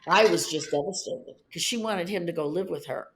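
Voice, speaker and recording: A woman in her fifties telling the story of her divorce on a podcast, animated, her voice climbing high when she is upset. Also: fairly quick, slight background noise. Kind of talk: emotional personal storytelling.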